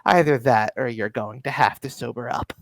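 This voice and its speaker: A man's voice: medium pitch, moderate pace, vocal fry, no echo, natural voice. A man voicing a tired, fed-up male official who sounds exasperated. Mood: weary.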